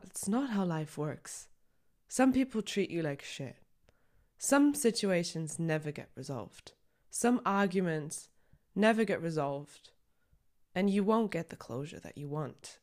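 Young woman host, low voice, raw confessional monologue, blunt and emotional, occasional swearing. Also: darkish tone. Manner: raw, candid, swears, on the edge of tears. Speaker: podcast host. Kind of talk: personal reflective monologue.

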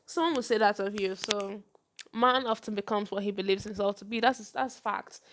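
A young woman hosting a casual advice podcast, talking fast and laughing often. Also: medium pitch, slight background noise. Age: young adult. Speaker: podcast host.

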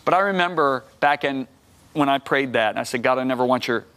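A middle-aged man, a guest minister, telling a personal testimony on a talk show, acting out the dialogue and rising loud when emphatic. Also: medium pitch, quick pace, smooth. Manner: acts out quoted dialogue.

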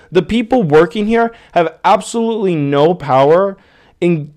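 A man's voice: on the high side, a little mellow. A young man hosting a casual solo podcast, ranting in an exasperated, profane way. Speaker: podcast host.

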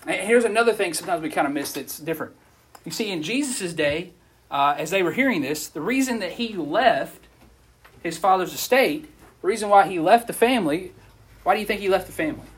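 A preacher man with a high, husky voice talks through a sermon in a casual, animated way. He keeps the audience involved with questions and quick asides. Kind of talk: casual sermon to a youth group.

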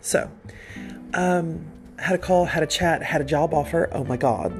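A man hosting a podcast, telling a personal story in a casual, rambling way, with self-deprecating asides and soft laughs between thoughts. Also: on the high side, measured pace, soft background music. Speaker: podcast host.

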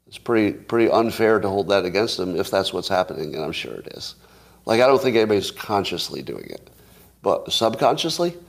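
A man in his sixties hosting a casual livestream, talking straight to his viewers and often restarting with repeated words. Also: fairly low pitch. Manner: conversational, talks to live viewers, repeats words when restarting. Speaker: podcast host.

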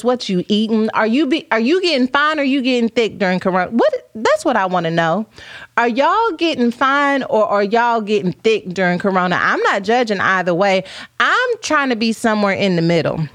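A woman in her thirties chats with her viewers in a playful, animated way, slipping into preacher-like asides. Her voice sits at a middle pitch and is recorded dry and close. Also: no room sound. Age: 30s. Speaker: podcast host. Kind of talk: casual livestream chat with viewers.

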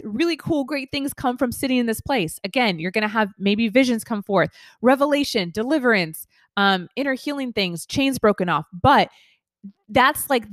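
A woman's voice: on the high side, no echo. A woman, probably in her thirties, giving an informal and heartfelt devotional teaching, earnest and full of fillers and restarts. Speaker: Christian teacher.

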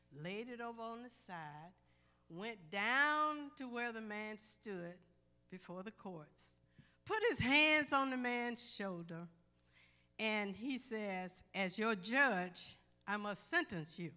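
In a church sanctuary, a woman pastor delivers a fervent gospel sermon, repeating her phrases and building on them. Her voice is a little high, animated and pushed bright, moving at a slow pace. The recording carries church hall reverb with faint music behind her.

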